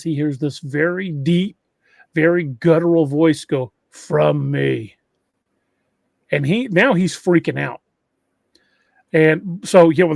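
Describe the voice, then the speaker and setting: A man's voice: on the high side, gravelly, dry recording, studio quality. A man hosting a podcast, retelling an eerie encounter story in a casual way, often restarting phrases. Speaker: podcast host.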